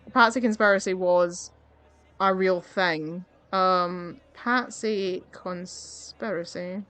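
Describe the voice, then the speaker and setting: A woman's voice: lowish voice, steady tone, slow pace, a bit bright, soft background music. A young woman hosting a let's play, ranting in an exasperated way and swearing as she plays and reads up on history. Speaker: gaming channel host.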